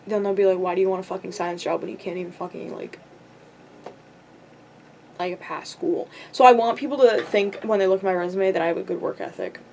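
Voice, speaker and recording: A woman's voice: mid-range voice, fairly even intonation, brisk, gravelly, a little mellow, a little hiss or hum. A teenage girl in a rambling vlog rant, frustrated and self-deprecating, swearing often and filling her talk with "like". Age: teens. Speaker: vlogger. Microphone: camera.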